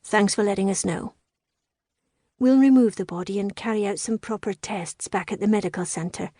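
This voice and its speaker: A woman's voice: mid-range voice, normal speed, warm tone, dry recording, studio quality, close to an everyday voice. A woman voicing a motherly Scottish medic. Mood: gentle. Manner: motherly, soothing.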